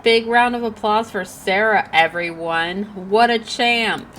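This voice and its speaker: A woman's voice: medium pitch, unhurried, fairly bright tone, a little hiss or hum, close to an everyday voice, low-quality recording. A woman reading as a smug old TV host. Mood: smarmy. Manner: smooth showbiz patter, corny jokes. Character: older male retired TV host, smug and out of touch.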